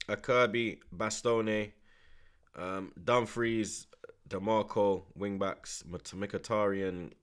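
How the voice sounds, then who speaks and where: A man's voice: sits low, fairly bright tone. A young man giving live watchalong commentary and reading out chat, in laid-back street slang that repeats each phrase. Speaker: streamer hosting a watchalong.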